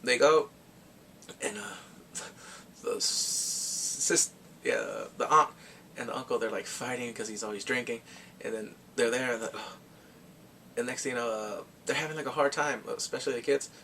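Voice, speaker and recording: A man's voice: mid-range voice, normal speed, bright, forceful tone, slight background noise. A man casually retelling a movie's plot for his review, chatty and rambling with lots of filler restarts. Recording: voice slightly distant from the mic.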